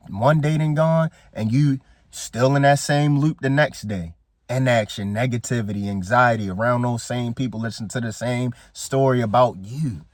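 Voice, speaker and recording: A man's voice: medium pitch, a little mellow, dry recording, studio quality. A man giving a casual motivational talk as a coach, emphatic and preachy, who repeats his phrases for effect. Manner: casual, slangy speech. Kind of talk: motivational speech to camera.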